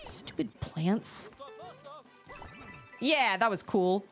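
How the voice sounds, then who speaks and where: Animated woman streamer chatting while gaming. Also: medium pitch, loud music behind the voice. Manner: chatty, animated, quick to exclaim. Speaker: game streamer. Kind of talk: live-stream gaming commentary.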